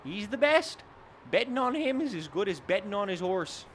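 Gas attendant, young, meek, bitter, high voice, comedy audio drama. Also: male voice, sing-song, normal speed, a little hiss or hum, low-quality recording. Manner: meek and weary, turning bitter. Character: young man, mopping gas attendant, jealous of his brother.

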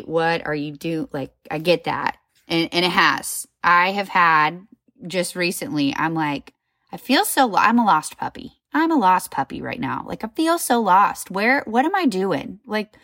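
A woman's voice: mid-range voice, a bit bright, no echo, studio quality. A woman in her thirties talking candidly in a rambling, self-reflective monologue, often checking in with "right?". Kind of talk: casual personal monologue.

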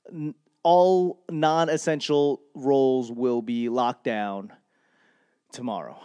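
A man's voice: mid-range voice, darkish tone, clear, resonant tone, no echo, clean studio sound. A man, a stand-up comic, talking casually and self-mockingly on his own podcast, rambling loosely at home. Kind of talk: casual solo podcast monologue. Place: home during quarantine.

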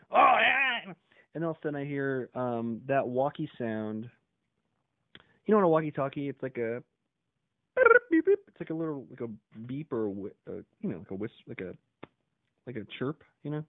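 Male podcast host, loose profane storyteller, middle pitch, dry and tinny like a phone line. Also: dry recording. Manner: rambling, profane, laughs often, acts out quoted yelling. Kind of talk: casual storytelling monologue. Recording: dry, phone-like narrow sound.

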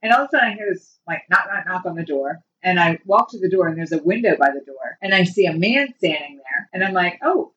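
A woman's voice: fairly low pitch, animated, fast, hardly any pauses, bright, forceful tone, far from the mic, muffled recording, slight background noise. A woman in her fifties hosting a casual chat, telling a long story with frequent laughter. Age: 50s. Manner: chatty storyteller, laughs often. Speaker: host.

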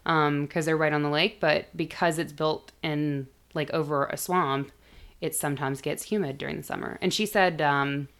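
A young woman co-hosting a podcast in casual chat, her voice hoarse with vocal fry after losing it, swearing freely and laughing often. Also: deep voice, steady tone, moderate pace, fairly bright tone. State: hoarse, recovering from lost voice. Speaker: podcast co-host.

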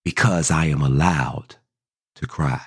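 A podcast host slowly reading self-affirmations and repeating key phrases. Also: extremely low pitch, breathy edge.

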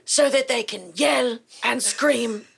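A woman voicing a mock-solemn nature documentary narrator in a put-on British accent, speaking slowly. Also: a little high, gravelly, a bit bright, breathy edge, voice pushed up, heavily acted.

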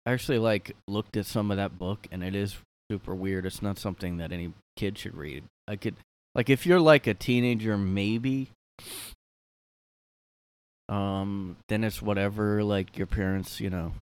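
A man's voice: lowish voice, moderate pace, clean tone. A man hosting a casual solo podcast from his room, rambling with lots of fillers and a sardonic edge. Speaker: podcast host.

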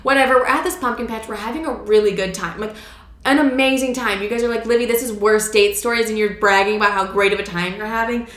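A woman's voice: a little high, fast, a bit bright, reverberant. A woman in her twenties telling a dating story casually, chatty and profane, acting out the dialogue as she goes. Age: 20s.

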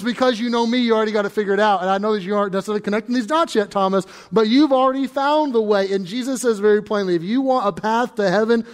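A man's voice: high voice, in a large hall. A man preaching a sermon as pastor, conversational and emphatic, repeating phrases for stress.

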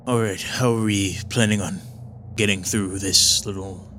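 A man voicing a gruff male adventuring companion in a tabletop game, asking questions in a casual, matter-of-fact way. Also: deep voice, steady tone, unhurried, bright, forceful tone, slight background noise, pitched below the performer's own voice.

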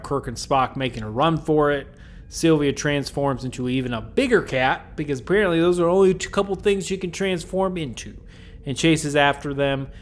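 Chatty man recapping with a laugh. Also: medium pitch. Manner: chatty, laughing, puts on silly character voices. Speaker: podcast host. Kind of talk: casual episode recap.

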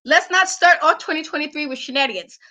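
A woman co-hosting a wrestling talk show, ranting in an animated, exasperated way and laughing often. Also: sits high, quick pace. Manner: emphatic repetition. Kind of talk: casual podcast rant.

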